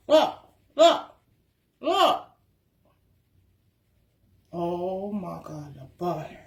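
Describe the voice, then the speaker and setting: A woman talking through her cooking in a casual vlog, full of drawn-out excited exclamations. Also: mid-range voice. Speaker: cooking vlogger. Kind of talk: casual cooking video talk. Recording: echoey room.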